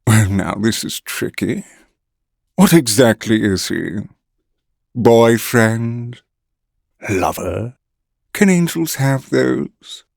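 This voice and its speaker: A male narrator voicing a cruel, mocking male vampire who taunts in slow, purring menace. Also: mid-range voice, very animated, gravelly, a little mellow, no echo, clean studio sound, exaggerated voice. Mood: taunting.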